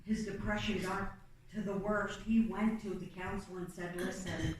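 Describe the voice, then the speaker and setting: A woman's voice: medium pitch, level tone, moderate pace. A woman preaches informally, telling history as a story and slipping into the voices of the people she quotes. She sounds distant from the microphone, with the sound ringing hard off a big reverberant room. A faint hiss sits underneath. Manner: conversational, storytelling with plain acted-out quotes and fillers. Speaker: church speaker. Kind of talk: informal sermon retelling church history. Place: church. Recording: very echoey room, mic far off, faint noise.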